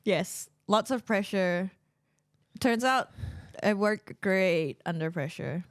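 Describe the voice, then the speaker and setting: A woman's voice: mid-range voice, slow, no echo, clean studio sound. A woman co-hosting a podcast in casual chat, giggling often and filling her talk with "like". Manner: giggly, chatty, lots of "like". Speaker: marketing staff, podcast co-host.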